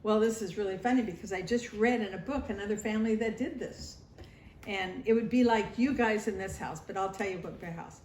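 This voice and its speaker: This grandmother talks fairly quickly at a medium pitch, recounting her childhood in a family interview against slight background noise. Her tone is warm and nostalgic, and she acts out the voices of her family. The space sounds roomy and echoey, with faint ambience.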